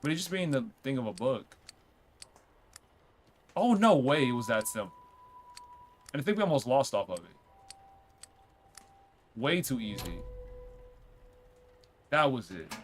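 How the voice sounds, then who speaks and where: A man streaming a game, chatting casually, reading on-screen text aloud and reacting with quick outbursts. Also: medium pitch, sing-song, slight background noise. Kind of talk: casual let's-play commentary.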